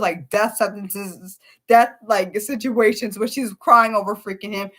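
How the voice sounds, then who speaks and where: A woman in her thirties chats on a casual livestream. She rambles, restarts her sentences and swears freely, and her voice leaps high whenever she gets worked up. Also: moderate pace, hardly any pauses, fairly bright tone. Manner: jumps high in pitch for quoted outbursts. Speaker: livestream host. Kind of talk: casual unscripted livestream chat.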